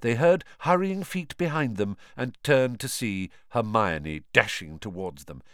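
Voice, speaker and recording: A man narrating a children's novel in an expressive storytelling manner. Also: medium pitch, a little slow, few pauses, clear, resonant tone, no room sound, clean studio sound. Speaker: audiobook narrator. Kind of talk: scripted narration.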